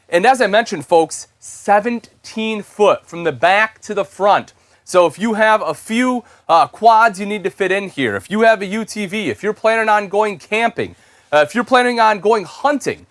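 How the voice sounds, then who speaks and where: A man's voice: high-pitched, a bit bright, no room sound. A young man presenting an RV on a live show tour, giving an upbeat, salesy walkthrough inside the vehicle and calling viewers folks.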